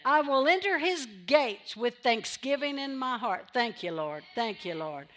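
A woman's voice: on the high side, sing-song, a little slow, hardly any pauses, a bit bright. A woman pastor preaching a sermon in church, repeating phrases for emphasis and drawing amens from the congregation.

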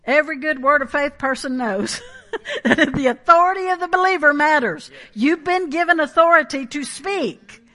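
High, bright-voiced woman preaching. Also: normal speed. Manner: animated, emphatic preaching with asides and laughs. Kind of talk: sermon.

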